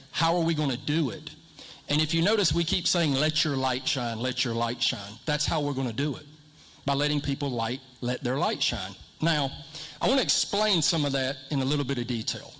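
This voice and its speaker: A man's voice: medium pitch, fairly bright tone. A man around fifty giving a motivational speech to a live audience, repetitive and folksy, with joking asides. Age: late 40s or 50s. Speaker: school district speaker. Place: large hall with audience. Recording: long hall reverb.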